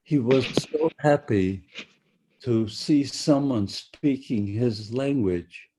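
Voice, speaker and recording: An older man giving personal testimony to students, halting and often repeating or restarting his phrases. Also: mid-range voice, noisy background. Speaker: Holocaust survivor speaker.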